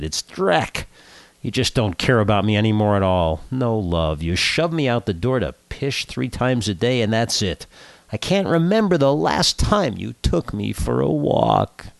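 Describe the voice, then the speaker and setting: A man's voice: mid-range voice, vocal fry, no echo. A man doing a whiny kvetching old dog. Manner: kvetching, self-pitying.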